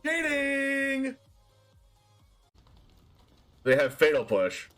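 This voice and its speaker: High, excitable gaming streamer. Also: male voice, drawn-out words, faint music behind. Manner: excitable, shouting reactions. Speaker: streamer playing an online card game. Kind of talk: excited gameplay commentary.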